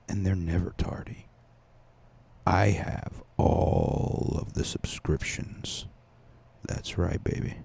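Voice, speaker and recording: A man putting on a breathy, slow, seductive voice in a whispered role-play, murmuring low. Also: pushed and bright, exaggerated voice. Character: sultry whispering man bragging to ladies.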